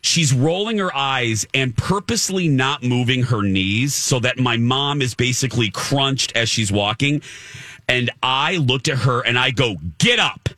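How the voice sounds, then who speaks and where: A man's voice: medium pitch, unhurried, no echo, studio quality. A man telling a story in casual podcast chat, acting out the people he quotes. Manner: animated, dramatic storyteller who acts out quotes.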